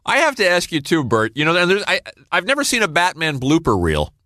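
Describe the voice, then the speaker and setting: A man hosting a podcast, asking chatty, halting questions and laughing easily. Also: on the high side, sharp tone, dry recording, studio quality. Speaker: podcast host. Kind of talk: casual interview.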